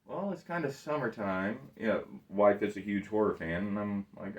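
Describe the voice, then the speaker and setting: A man co-hosting a casual movie review chat, relaxed and sometimes searching for words. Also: on the low side, normal speed, recorded from a distance. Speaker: podcast co-host.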